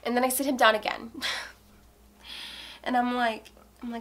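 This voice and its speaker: A woman's voice: on the high side, fairly even intonation, unhurried, long pauses. A woman in her twenties from Texas, telling her story in a candid, casual vlog chat, swearing freely and saying "like" often. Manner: candid, swears a lot, fillers like "like". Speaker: beauty vlogger.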